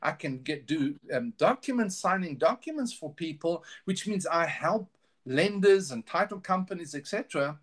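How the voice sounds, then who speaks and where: A middle-aged man speaking as a guest in a relaxed interview, his voice sitting a little high for a man. He talks earnestly and openly, stumbling and restarting as he goes. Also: normal speed. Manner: earnest, candid, with many restarts. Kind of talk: casual interview storytelling.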